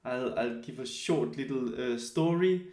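A man in his thirties giving a relaxed spoken lecture, often hesitating with fillers and restarts. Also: medium pitch, unhurried, echoey room. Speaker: teacher.

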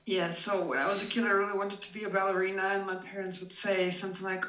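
A woman in a group workshop tells a story quickly and eagerly. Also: medium pitch, level tone, fairly bright tone. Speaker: workshop participant. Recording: far from the mic in an echoey room.

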